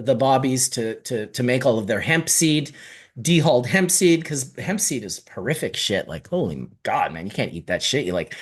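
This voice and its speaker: A middle-aged man from Canada, telling a long story in casual podcast chat, animated and full of swearing. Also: mid-range voice. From Canada (Manitoba). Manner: animated, profane, rambling storyteller.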